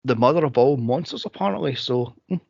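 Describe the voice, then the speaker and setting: A man co-hosting a podcast in casual chat, animated and laughing often, jumping into high squeals to act out scenes. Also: a little fast, vocal fry, breathy edge, dry recording. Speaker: podcast co-host. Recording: dull lo-fi dry sound.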